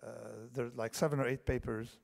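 Brisk and darkish, with medium pitch and fairly even intonation, a man in his fifties delivers a keynote conference lecture. He strays into asides, restarts often, and asks listeners "okay?" Long hall reverb from the large conference hall colors the recording.

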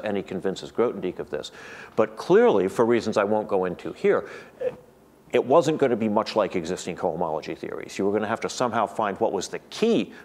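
A man's voice: on the low side, darkish tone. A middle-aged man giving an academic seminar lecture, thoughtful and digressive, often restarting his sentences. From United States.

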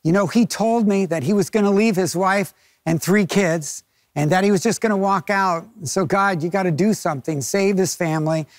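A pastor putting on a man praying loudly and urgently, pleading for a neighbor's family, his voice raised and a little higher. The sound is dry and close. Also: normal speed, no room sound, close to an everyday voice.

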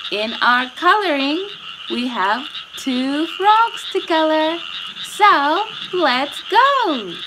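A woman teaching small children English, talking in a slow, sing-song, encouraging way. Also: high voice, vocal fry, fairly bright tone. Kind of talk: kids' English lesson, sing-along and coloring.

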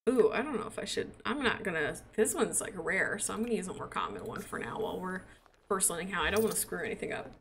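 Her voice sits on the low side but swings widely in pitch, quick and fairly bright. She's a gaming streamer and mom in her twenties, laughing a lot as she rambles about her son during casual chat while playing.

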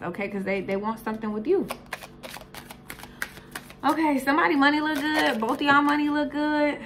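A woman's voice: medium pitch, fairly bright tone, slight background noise. Blunt, profane woman reading tarot cards. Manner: blunt, profane, repeats "okay?" and "Scorpio". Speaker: tarot reader.

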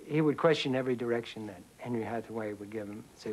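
A man reminiscing in an interview, halting and a little amused as he recalls a fellow actor. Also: medium pitch, slight background noise, poor audio. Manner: halting, with fillers and restarts, amused.

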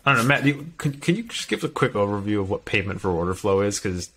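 A man with a deep, low voice co-hosting a casual podcast. He talks in an opinionated, animated way and laughs often. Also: fast, a little hiss or hum. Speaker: podcast co-host. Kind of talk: casual chat.

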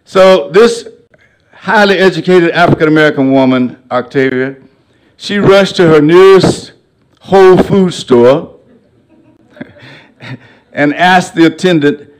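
Older man, guest speaker in a college hall; folksy, humorous storyteller with a preacher's cadence and a fairly high voice. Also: slow pace, long pauses. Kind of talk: public lecture with storytelling.

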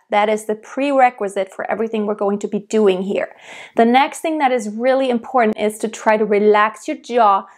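A woman from Germany, a vocal coach, giving a calm, measured singing lesson with sung examples. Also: fairly high pitch.

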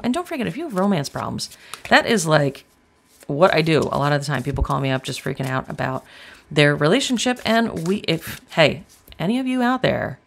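A woman's voice: sits low, vocal fry. A woman giving a casual tarot reading, chatty and blunt, swearing freely as she talks straight to viewers. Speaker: tarot reader.

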